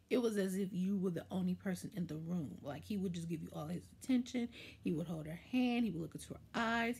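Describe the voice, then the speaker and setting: A woman hosting her own commentary show, giving an opinionated review in a sassy, animated way, her voice leaping up when she stresses a point. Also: lowish voice, gravelly, husky. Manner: animated, sassy, voice jumps up for emphasis. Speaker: YouTube commentary host.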